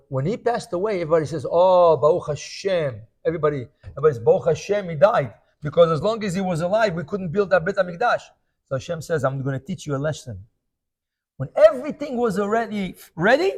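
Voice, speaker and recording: A man's voice: high-pitched, darkish tone. A man giving a Talmud class as a rabbi, telling the story animatedly, acting out the quoted voices and checking in with "right?".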